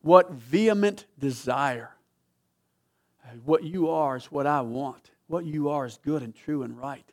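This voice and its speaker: Male pastor, dynamic sermon delivery, somewhat high-pitched, church setting. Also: normal speed, vocal fry, few pauses. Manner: dynamic preaching, swings from quiet to loud emphatic reading.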